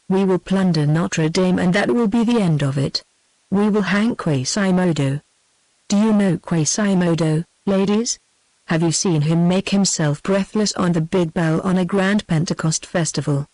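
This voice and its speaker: A synthetic British woman's voice reading the part of a brash, boastful young man in armor, in an even text-to-speech delivery. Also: on the low side, measured pace, no echo, lightly acted, low-quality recording. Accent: British English.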